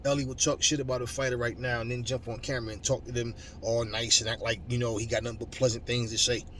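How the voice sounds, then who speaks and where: A man's voice: medium pitch, little pitch movement, quick pace. Guy ranting at his viewers, mocking and swearing a lot, mic a bit far off, faint noise behind. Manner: loud, mocking, heavy cursing. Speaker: boxing channel host. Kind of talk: profane rant to viewers. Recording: slightly distant mic with faint background noise.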